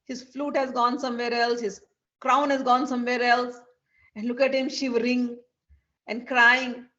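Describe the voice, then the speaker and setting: Woman storyteller, casual devotional retelling, higher voice, muffled lo-fi recording. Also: moderate pace. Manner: chatty, animated retelling.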